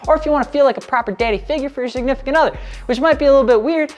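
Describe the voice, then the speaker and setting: A woman's voice: sits high, rapid-fire. A woman hosting a scripted commentary video, speaking casually with sarcastic jokes and side remarks. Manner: sarcastic, joking asides. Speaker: video essayist.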